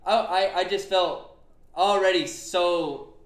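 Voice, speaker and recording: On his casual podcast, a young man who streams and hosts speaks slowly in a high voice. The room is echoey, and he sincerely recounts a conversation, filling it with plenty of fillers.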